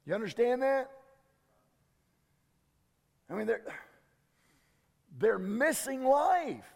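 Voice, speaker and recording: A man's voice: very high-pitched, lively intonation, takes it slowly, vocal fry, darkish tone, long reverb tail. A man pastor preaching a sermon in an emphatic way, often repeating words as he restarts.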